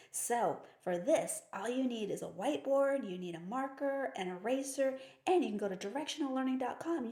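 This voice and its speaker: A woman's voice: a little high, a little mellow. Upbeat woman teaching phonics in an echoey room. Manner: patient, upbeat explaining with playful kid-friendly terms; asks questions then answers them herself. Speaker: reading teacher. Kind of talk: phonics lesson for teachers and parents.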